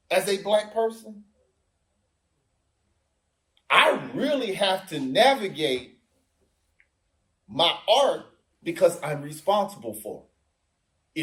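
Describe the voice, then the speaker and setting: A man in casual podcast talk, telling stories animatedly and acting out what others said. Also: on the high side. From Africa. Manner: animated storyteller, acts out quoted voices. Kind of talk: casual discussion.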